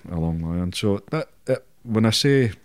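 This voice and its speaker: A middle-aged Scottish man with a very deep voice tells his anecdotes bluntly, swearing freely and chuckling as he goes. The sound is dry and close, with no room around him. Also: animated, normal speed, no echo. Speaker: interview guest. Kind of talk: casual storytelling.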